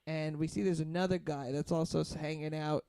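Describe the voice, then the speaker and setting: A man's voice: fairly high pitch, steady tone, a little fast, creaky, dark tone, clean tone, dry recording. A man hosting a podcast, telling a long rambling story in casual chat, heavy on fillers and swearing, acting out what others said. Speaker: podcast host.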